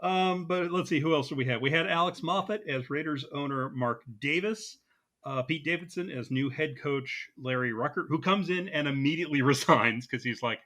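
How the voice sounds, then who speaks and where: A man's voice: fairly high pitch, a bit bright. A man co-hosting a podcast, chatting casually and laughing often at his own jokes. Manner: quick laughs, jokey asides. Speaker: podcast co-host. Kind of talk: casual chat.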